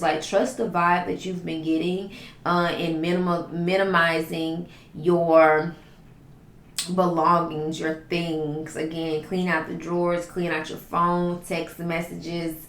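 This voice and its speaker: A woman's voice: on the low side, reverberant. A woman giving a spiritual tarot reading in a flowing, repetitive, affirming way, stacking up lists of phrases. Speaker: tarot reader.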